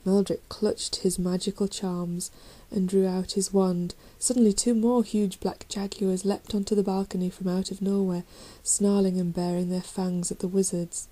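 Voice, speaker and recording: A woman's voice: mid-range voice, level tone, moderate pace, few pauses, poor audio. A woman narrating a children's fantasy storybook in a dramatic reading style. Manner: dramatic reading, raising voice for shouted lines. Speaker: audiobook reader.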